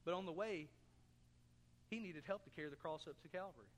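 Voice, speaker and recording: A man's voice: on the high side, fairly quick, in a large hall. A man preaching a sermon as pastor, earnest, asking his congregation questions and throwing in jokes. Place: church sanctuary.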